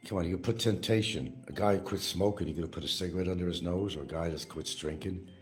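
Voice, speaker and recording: Deep-voiced man rambling on a livestream. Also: darkish tone. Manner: wry, sing-song, talks to his dogs. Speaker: livestream vlogger. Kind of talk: casual rambling livestream talk.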